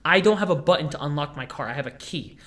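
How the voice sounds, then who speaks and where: A young man hosts a casual podcast, his voice sitting a little higher than most men's. He rambles through jokey stories, full of fillers and restarts. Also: lively intonation, fast, a bit bright. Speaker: podcast host. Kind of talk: casual chat.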